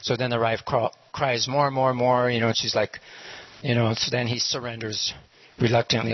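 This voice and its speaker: A man's voice: mid-range voice, flat delivery, fairly quick, no room sound. A man casually retelling a parable, rambling with many fillers and acting out the characters' lines. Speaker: storyteller. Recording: muffled lo-fi recording.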